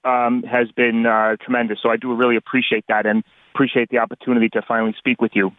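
A man's voice: medium pitch, little pitch movement, fast talker, no room sound. A man in his fifties from New York calling in to a radio show, earnest and formal, hesitating with many fillers. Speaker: caller. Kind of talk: phone-in caller. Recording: tinny phone line.

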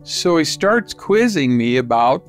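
A man's voice: on the high side, very animated, unhurried, faint music behind. An older man from Southern California telling a personal story in a folksy, conversational way, restarting phrases as he goes.

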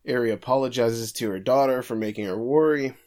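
A man's voice: mid-range voice, a little fast, a little mellow. A man co-hosting a podcast, casually recapping an anime episode with frequent chuckles. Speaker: podcast co-host.

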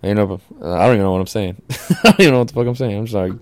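A man hosts a solo podcast, chatting in a laid-back, slangy, profane manner. His lowish voice is animated, very fast, and a little mellow, with no room sound.

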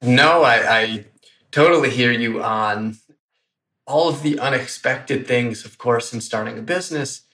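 A man's voice: mid-range voice, unhurried, pushed and bright. A man hosting a podcast, chatting casually with his guest. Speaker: podcast host. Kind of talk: casual interview chat. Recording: echoey room.

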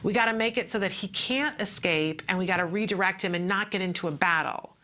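A woman's voice: mid-range voice, brisk, bright, forceful tone. A woman giving casual advice to other parents, telling a story expressively and acting out the people in it. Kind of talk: casual teaching talk.

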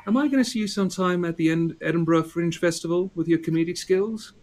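A man's voice: sits high, quick pace, a little mellow. A man from South Africa co-hosting a podcast, enthusiastic and emphatic, with a radio presenter's delivery. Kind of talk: casual chat.

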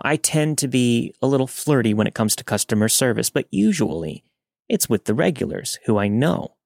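A man reads a true-creep story aloud, steady and measured, at a middling pitch. The sound is close and dry, with no room around him. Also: gravelly, no echo. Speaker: horror story narrator. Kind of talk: scripted first-person narration of a listener story.

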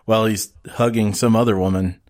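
A man's voice: on the low side, steady tone, a little mellow. A man co-hosting a podcast, chiming in with dry jokes during a casual movie recap. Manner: dry wisecracks and quick interjections. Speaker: podcast co-host. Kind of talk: casual movie review chat.

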